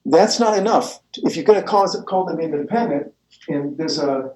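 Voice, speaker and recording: A man's voice: a little high, darkish tone, roomy sound, rough recording. A man lecturing a math class, rambling and correcting himself as he goes, with the odd chuckle. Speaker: math professor.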